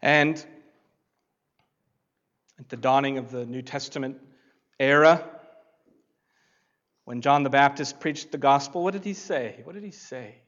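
A man preaching a sermon, reading scripture and rising to loud emphasis on key phrases. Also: mid-range voice, a little slow, long pauses. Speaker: pastor. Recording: dull lo-fi sound.

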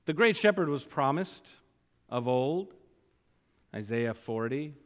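A man's voice: medium pitch, expressive, slow, a bit bright. A man preaching a sermon, repeating key phrases for emphasis and reading scripture aloud with mounting force. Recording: long hall reverb.

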